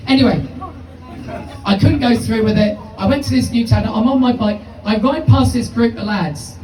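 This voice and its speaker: A man tells a rambling stand-up story full of swearing. His voice is mellow and dark. He sounds far off in an echoey room. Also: very high voice, normal speed. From United Kingdom. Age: 50s. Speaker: stand-up comedian. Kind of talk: live stand-up comedy. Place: small comedy venue with audience. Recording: distant, echoey live room.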